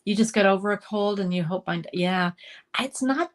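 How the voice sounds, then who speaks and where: A woman's voice: mid-range voice, flat delivery, a little fast. A woman with a mild head cold, chatting through a live card-making demonstration and greeting viewers by name. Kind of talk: live craft demo chat.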